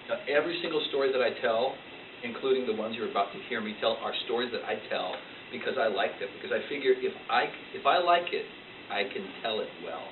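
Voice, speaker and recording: A man who tells stories for a living talks in a playful, animated way. He sits at some distance from the mic in an echoey library. The sound is thin and phone-like, with steady background noise. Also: medium pitch, fast talker. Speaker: storyteller being interviewed. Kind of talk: casual interview answers. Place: school library. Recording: tinny, distant, echoey and noisy.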